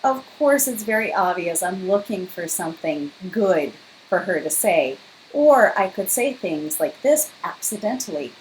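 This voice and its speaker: A woman's voice: mid-range voice, big pitch swings, moderate pace, a little mellow, slight background noise, rough recording. A woman giving a classroom lecture, explaining step by step and acting out example questions. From not from Liberia.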